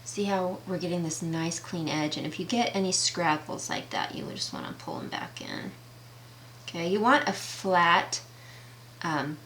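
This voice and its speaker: A woman's voice: low voice, fairly bright tone, slight background noise. A woman demonstrating a craft project in a casual tutorial, chatty and enthusiastic, talking through each step. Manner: chatty, enthusiastic, slow and careful explaining.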